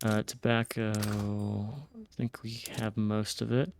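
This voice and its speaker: Gravelly man musing over a strategy game. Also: lowish voice, takes it slowly, slight background noise. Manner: thinking aloud, trailing off, restarts. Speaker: gameplay streamer. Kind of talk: casual let's-play commentary.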